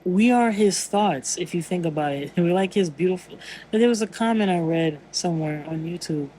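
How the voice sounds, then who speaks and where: Earnest, word-searching vlogger musing aloud on faith, medium pitch, faint background hum. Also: a little fast, warm tone, rough recording. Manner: rambling, searching for words, frequent restarts. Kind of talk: casual spiritual monologue.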